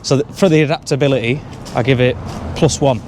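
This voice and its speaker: A man travel-vlogging on a handheld camera gives dry, joking reviews of pubs in casual chat, moving between pubs and streets, inside and out. His medium-pitched voice is brisk, with background noise behind it.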